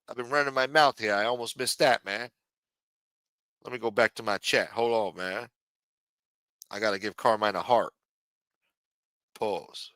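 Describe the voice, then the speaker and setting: A man's voice: on the low side, unhurried, pauses often, pushed and bright, clear, resonant tone, dry recording. A man with a New Jersey accent hosting a casual livestream, reading the chat aloud in rambling, profane street talk. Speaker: livestream host.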